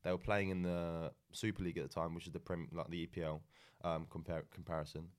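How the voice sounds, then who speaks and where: A man's voice: low-pitched, flat delivery, fast. A young man telling his story as a podcast guest, in a rambling, laid-back way with plenty of ums and restarts. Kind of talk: casual storytelling chat.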